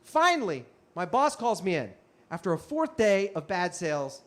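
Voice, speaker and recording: Animated high-voiced male storyteller. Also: moderate pace. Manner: animated, punchy, frequent asides. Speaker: comedian and storyteller. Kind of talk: stand-up storytelling.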